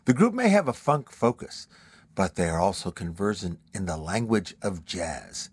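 A man hosting a radio music show, reading smooth, measured scripted links from a studio microphone. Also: low voice, sing-song, no room sound.

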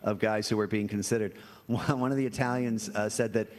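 Speaking fairly quickly in a fairly low, a little mellow voice with fairly even intonation, this sixty-something priest tells stories as a comedy quiz show guest. He punctuates his interview answers with self-deprecating chuckles.

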